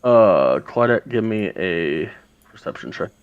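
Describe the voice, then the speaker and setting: A man narrating as game master in a calm, matter-of-fact way. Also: deep voice, a little slow, clean tone, narrow, tinny audio.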